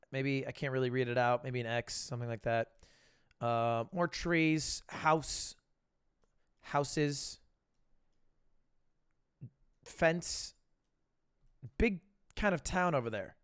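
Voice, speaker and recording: A man's voice: a little high, clean tone, dry recording, clean studio sound. A young man streaming live, chatting casually and thinking aloud, with joking, mock-grand asides.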